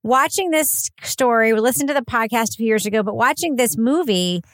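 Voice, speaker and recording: A woman's voice: on the high side, animated, brisk, no room sound, studio quality. A woman co-hosting a podcast, musing chattily about a true-crime film. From lived in New England since 1993. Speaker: podcast co-host. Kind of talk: casual chat.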